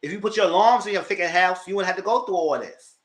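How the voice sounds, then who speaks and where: A man giving a casual spoken recap of reality TV shows at home, colloquial and animated. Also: quick pace. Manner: animated, mocks people in high put-on voices; colloquial, with "y'all". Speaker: commentator.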